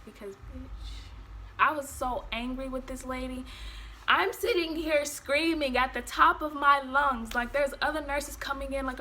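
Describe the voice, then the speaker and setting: A woman's voice: high voice, moderate pace, pushed and bright. A young woman telling a personal story in a casual vlog, acting out quotes and swearing freely. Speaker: vlogger.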